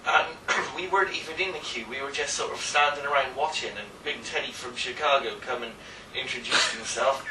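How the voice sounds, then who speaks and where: A man's voice: mid-range voice, a little fast, hardly any pauses, noisy background. A man from England, co-hosting a casual chat, telling a story hesitantly with ums and restarts. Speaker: co-host. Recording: roomy echo, mic at a distance.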